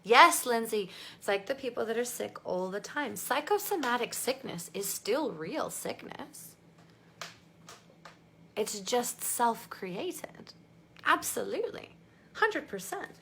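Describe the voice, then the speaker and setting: A bubbly woman leads a live online coaching session with a bright, forceful voice that sits a little high. She gushes over viewers' comments, calls them darlings and laughs often. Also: big pitch swings, slow, slightly rough. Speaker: life coach.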